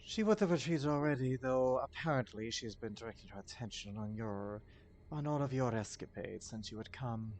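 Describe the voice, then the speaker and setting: A man's voice: mid-range voice, expressive, fairly quick, a little mellow, lightly acted. A man voicing a formal, ominous informant who speaks in grave, old-fashioned phrases.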